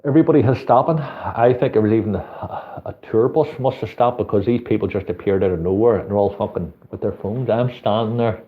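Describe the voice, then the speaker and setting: A man's voice: on the low side, a little fast, hardly any pauses. A middle-aged man with a Northern Irish accent, telling a street story in casual chat and swearing freely. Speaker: street photographer hosting a live chat. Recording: tinny phone-like audio.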